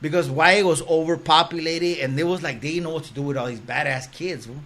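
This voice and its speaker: A man's voice: a little high, quick pace, a bit bright. A man, casually telling stories as a podcast guest in slangy, profane talk, often laughing as he goes. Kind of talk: casual storytelling.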